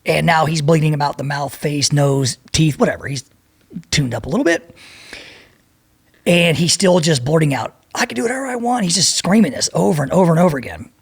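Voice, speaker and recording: A middle-aged man telling a profane, animated story as a podcast guest and acting out the people in it. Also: on the high side, fairly quick, breathy edge. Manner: profane, animated, acts out voices in his anecdote. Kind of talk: storytelling in a casual interview.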